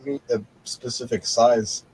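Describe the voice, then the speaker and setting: A man's voice: medium pitch, little pitch movement, measured pace, a little mellow, slightly rough, low-quality recording. Swearing, rambling man telling stories. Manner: rambling storyteller, swears constantly, laughs a lot. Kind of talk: casual chat.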